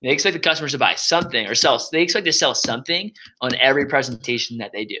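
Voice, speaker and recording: A young man coaching sales reps in a casual walkthrough, energetic and loud, full of "like" and "um" fillers. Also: medium pitch, very fast, slight background noise, rough recording. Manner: energetic and loud, says so himself, many fillers. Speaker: sales trainer.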